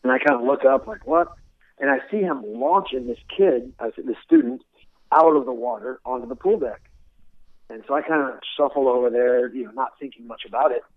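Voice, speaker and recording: A man's voice: medium pitch, fairly quick, dry recording. Earnest guy telling war stories, thin phone-line sound, dry. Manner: earnest, repeats words when restarting. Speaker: guest, former military instructor. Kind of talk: conversational storytelling interview.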